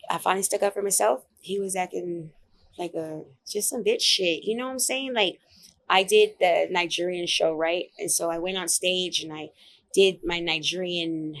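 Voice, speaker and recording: A woman comedian telling a story in a casual interview, blunt and profane, animated as she talks. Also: fairly low pitch. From Oak Cliff, Dallas area, Texas. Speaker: comedian guest.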